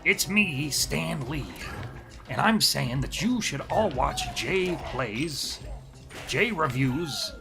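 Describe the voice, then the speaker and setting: A man putting on an impression of an elderly, boastful comic-book showman, speaking slowly and grandly. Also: on the high side, wildly swooping pitch, gravelly, music in the background, heavily acted. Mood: grandiose. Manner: slow, drawn-out, grandiose delivery.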